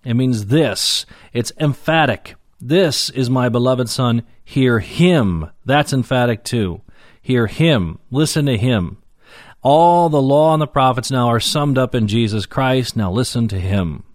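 A man's voice: medium pitch, dry recording, clean studio sound. A man preaching a Bible lesson, reading scripture aloud and explaining it plainly with frequent fillers. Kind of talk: Bible teaching sermon.

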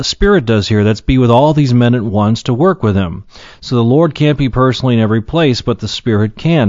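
A man giving an earnest Bible teaching, slowing down to read Scripture aloud and then explaining each verse. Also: medium pitch, darkish tone, dry recording, dull audio. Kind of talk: sermon-style Bible teaching.

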